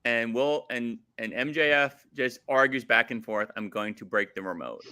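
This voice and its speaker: A man co-hosting a casual wrestling chat, slipping into excitable, pleading rants. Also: medium pitch, moderate pace, clear, resonant tone. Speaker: co-host.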